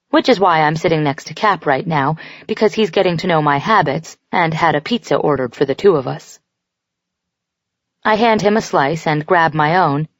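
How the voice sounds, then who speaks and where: A woman narrating a romance audiobook in the first person, calm and even. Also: sits low, no echo, muffled recording.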